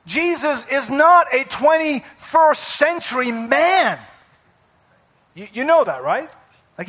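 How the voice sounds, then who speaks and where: A man preaching a sermon as pastor, animated, with sudden loud emphasis and soft asides. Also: extremely high pitch.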